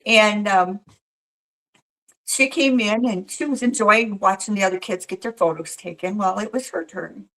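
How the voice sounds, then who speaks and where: A woman employed as a professional Mrs. Claus speaks at normal speed with a medium pitch, telling a lively story in a casual interview. She imitates the voices of those she describes, and the recording is rough.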